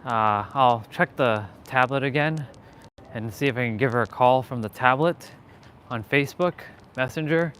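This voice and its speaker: A man's voice: medium pitch, normal speed, a bit bright, a little hiss or hum. A young man from Canada chatting casually on a live stream as he walks through a parking lot to his car, rambling with lots of fillers and restarts. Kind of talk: casual live-stream chat while walking.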